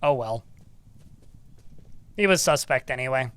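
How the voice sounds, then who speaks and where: A man's voice: medium pitch, expressive, measured pace, fairly bright tone, clear, resonant tone. A man streaming a video game live, commenting on the action with dry, sarcastic asides and reading the game's text aloud.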